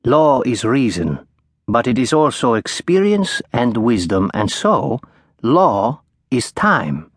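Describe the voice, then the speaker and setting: A man doing a frail old law professor, soft sing-song voice, gentle and elfin, dry close sound. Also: medium pitch, sing-song, takes it slowly, dry recording. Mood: musing. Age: older.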